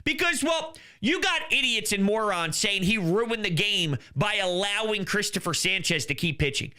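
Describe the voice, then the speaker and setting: A young man with a very high, piercing, tense voice hosts a sports talk show. He rants in heated, exasperated bursts and often breaks into shouting. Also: animated, moderate pace, clean tone. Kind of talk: ranting sports commentary.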